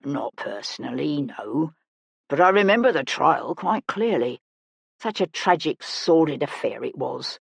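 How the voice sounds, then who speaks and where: A woman voicing a small, serious male magistrate who speaks gravely and quietly. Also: deep voice, big pitch swings, unhurried, dry recording, exaggerated voice.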